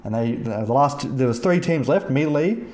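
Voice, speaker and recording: A man hosting a gaming podcast, telling stories in a casual, profane and animated way. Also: medium pitch, normal speed, reverberant. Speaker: podcast host. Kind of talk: casual chat, storytelling about gaming. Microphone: streaming mic.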